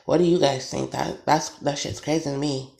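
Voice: medium pitch, steady tone, moderate pace, gravelly, a little mellow. A podcast host venting alone on an episode, talking emphatically, repeating points and swearing. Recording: roomy echo.

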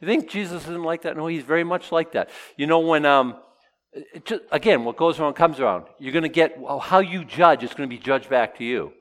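A man's voice: fairly high pitch, a little fast. A man preaching a casual, humorous sermon, stopping to joke and voice imagined objections. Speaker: pastor. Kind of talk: sermon with verse-by-verse teaching.

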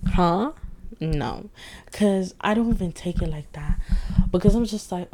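A woman's voice: mid-range voice, measured pace, noisy background. A young woman hosting a solo podcast, talking in a loose, rambling, candid way with lots of slang and swearing. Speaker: podcast host. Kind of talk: late-night solo venting monologue.

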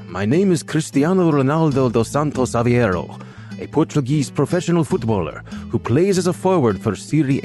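A man's voice: medium pitch, natural voice. A man putting on a mock Brazilian accent to read out a scam letter written as if by a soccer star.

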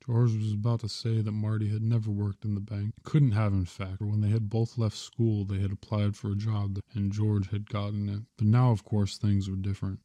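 A man narrating a story in a measured, steady reading. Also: fairly low pitch, dry recording, lo-fi sound.

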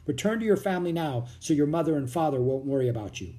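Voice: medium pitch, expressive, fast, close to an everyday voice. A reader voicing a stern but kindly army captain in a storybook reading. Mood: gentle. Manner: commanding, later gentle.

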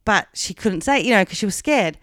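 A woman's voice: mid-range voice, lively intonation, brisk, fairly bright tone, no room sound, studio quality. An Australian woman on a podcast, casually retelling a true-crime story in a frank, chatty way with plenty of fillers. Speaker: podcast co-host.

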